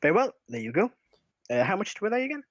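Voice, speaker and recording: A man's voice: high-pitched, sing-song, fast talker, no room sound, pitched above the performer's own voice. A man voicing a courteous male halfling jeweler, with a shaky attempt at a German accent. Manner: courteous, eager to serve.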